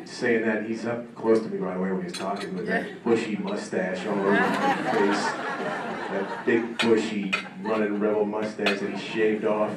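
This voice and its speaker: A man's voice: lowish voice, flat delivery, normal speed, crowd noise. A man in his thirties giving an acceptance speech at a banquet, telling self-mocking stories with laughter. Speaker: hall of fame inductee. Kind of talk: after-dinner acceptance speech. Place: country club banquet room. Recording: echoey hall from far off, ambient noise.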